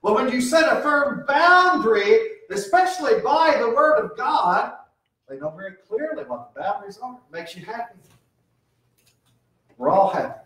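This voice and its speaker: A man's voice: very high voice, normal speed. Man preaching in an echoey church. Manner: earnest, conversational preaching with lively swings and quoted voices. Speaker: pastor. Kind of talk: sermon. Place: church sanctuary. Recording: echoey church, mic from a distance.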